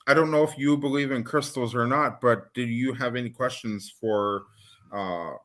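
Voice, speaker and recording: A man's voice: medium pitch, normal speed, fairly bright tone. A man hosting a casual podcast chat, hesitant and easygoing as he passes the mic. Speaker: podcast host.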